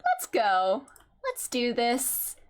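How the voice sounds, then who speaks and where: A young woman streaming a game, chatting casually with her viewers in an excitable way, with lots of gasps and fillers. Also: on the high side, extremely slow. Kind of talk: casual live-stream chat.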